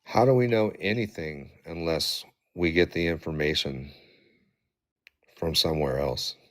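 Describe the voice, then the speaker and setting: Deep-voiced man, calm and conciliatory. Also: measured pace. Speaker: discussion participant. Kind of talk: debate in a group discussion.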